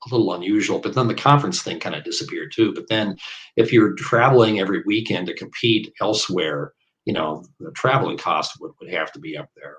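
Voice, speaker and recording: A man's voice: sits low, a little fast, a bit bright, low-quality recording. A man in his fifties from Iowa, a bowler chatting as an interview guest, rambling with many fillers and tangents. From Iowa, US Midwest. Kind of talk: casual interview chat.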